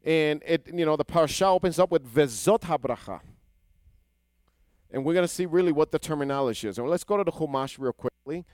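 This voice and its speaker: Clear-voiced man teaching scripture. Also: on the high side, fairly quick, a little mellow, dry recording. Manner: explains Hebrew words, asks the listeners questions. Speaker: Torah teacher.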